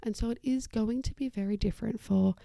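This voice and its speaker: This is casual educational talk from a woman who hosts an occupational therapy podcast, warmly explaining concepts and slipping into little voices for the people she quotes. She speaks briskly in a creaky, fairly high voice, and there's no room sound.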